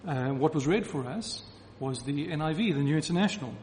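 A man's voice: a little high, animated, a little fast, darkish tone, a little hiss or hum. A man preaching a sermon to a congregation, emphatic and repeating key phrases to drive his point home. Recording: reverberant hall with faint ambience.

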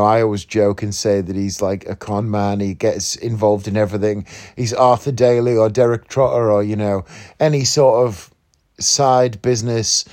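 A man's voice: medium pitch, darkish tone. A man with a slight northeast English accent, hosting a casual morning podcast from his bed, chatty and rambling, sounding groggy and just woken up. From northeast England. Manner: rambling, chatty, self-mocking. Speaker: podcast host. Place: in bed at home.

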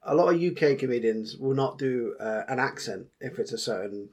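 A young man co-hosts a casual podcast. His voice is husky and a little rough, and his pitch sits in the middle. He jokes crudely and bluntly, and he often acts out the lines he quotes. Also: animated, moderate pace, darkish tone. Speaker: podcast co-host.

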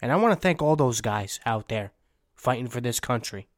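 A man's voice: mid-range voice, expressive, moderate pace, no echo. Playful male podcast host, dry sound. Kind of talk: casual podcast chat.

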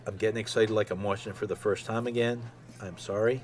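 A man around fifty hosting a solo podcast, rambling excitedly with lots of ums. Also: on the low side, normal speed. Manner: excitable, rambling fan talk with many ums. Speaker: podcast host. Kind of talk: casual solo podcast monologue.

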